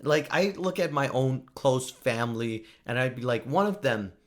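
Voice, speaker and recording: A man's voice: medium pitch, animated, normal speed. A man hosting a solo podcast, rambling and joking, laughing often at his own remarks. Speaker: podcast host.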